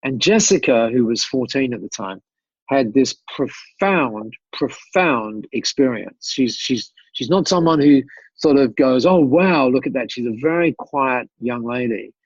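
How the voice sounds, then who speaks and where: Gravelly, husky man telling stories. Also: medium pitch, unhurried, no echo, lo-fi sound. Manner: animated, repeats words, tells anecdotes. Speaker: interview guest, business mentor. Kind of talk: storytelling in a podcast interview.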